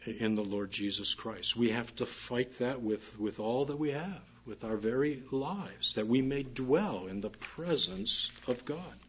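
A man's voice: medium pitch, measured pace, few pauses, slight background noise. A man preaching a morning sermon, reading scripture aloud and repeating key phrases with emphasis. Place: church service. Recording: muffled dull recording.

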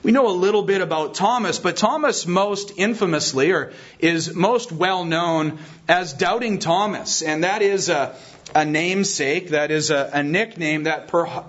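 A man's voice: on the high side, fairly bright tone. Earnest preacher man, slightly muffled recording. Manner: earnest, with frequent restarts and emphatic repetition. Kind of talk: sermon.

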